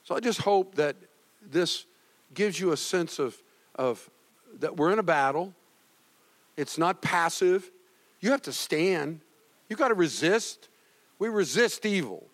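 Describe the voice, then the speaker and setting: A male pastor preaching a sermon, moving between loud exhortation and quiet, heavy passages. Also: high voice, lively intonation, measured pace, pauses often, big-room sound. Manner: swings from loud exhortation to hushed grief.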